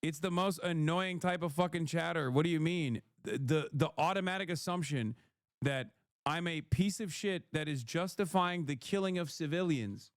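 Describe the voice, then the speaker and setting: Profane heated man with a smooth voice. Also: fairly high pitch, moderate pace, dry recording, studio quality. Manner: heated, profane, reads chat messages aloud. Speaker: streamer reading chat. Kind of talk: casual livestream rant.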